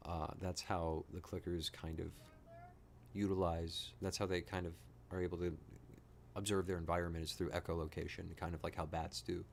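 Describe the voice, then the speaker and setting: A man giving rambling, excitable live reaction commentary, swearing and laughing often. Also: sits low, gravelly, slight background noise. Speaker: reaction streamer.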